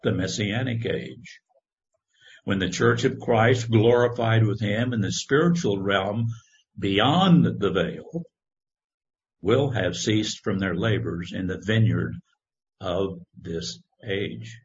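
Slow, low-voiced man preaching. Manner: slow, measured scripture reading. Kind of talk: sermon. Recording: dull lo-fi recording.

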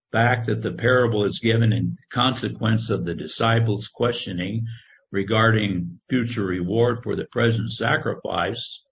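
Slow, low-voiced man preaching. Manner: slow, measured scripture reading. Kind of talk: sermon. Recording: dull lo-fi recording.

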